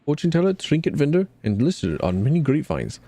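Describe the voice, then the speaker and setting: A man voicing a mysterious middle-aged fortune teller who drops his articles and speaks in a slow, mystical lilt. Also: a little high, very animated, warm tone, no echo, pitched above the performer's own voice. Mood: sly.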